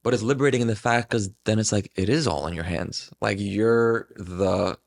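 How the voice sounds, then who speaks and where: Man, low voice, gravelly, reflective, casual chat, podcast guest. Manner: reflective, drawn-out phrasing with many fillers.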